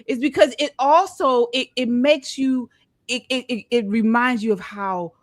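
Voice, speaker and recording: A woman's voice: on the high side, measured pace, no echo. A middle-aged woman hosting a casual commentary chat, earnest and often restarting her sentences. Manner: earnest, many restarts and repeated words. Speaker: host.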